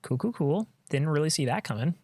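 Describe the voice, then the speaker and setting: A man's voice: on the high side, expressive, brisk, warm tone, husky. Man thinking aloud over a card game. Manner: thinking aloud, trailing off and restarting. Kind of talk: casual gameplay commentary.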